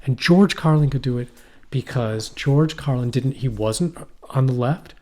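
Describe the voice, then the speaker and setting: In a poorly heated shack, a middle-aged podcast co-host chats casually in a medium-pitched, slightly slow and mellow voice. His talk is rambling and profane, and he often trails off and starts over.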